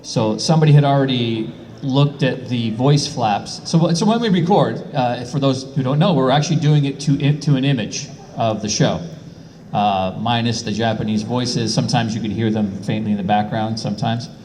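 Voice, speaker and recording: A man's voice: medium pitch, normal speed, darkish tone, slight background noise. A man appearing as a voice actor guest on a convention panel, telling anecdotes with frequent laughs.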